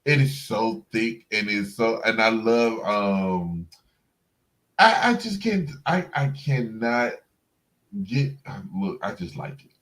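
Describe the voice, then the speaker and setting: A man guest on a casual livestream chat, talking haltingly with restarts and laughs. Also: on the low side, fairly bright tone, rough recording.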